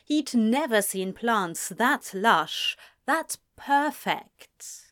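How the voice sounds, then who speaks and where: A woman narrating an audiobook in a gentle, measured storytelling voice. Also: a little high, lively intonation, no echo, studio quality. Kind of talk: scripted narration.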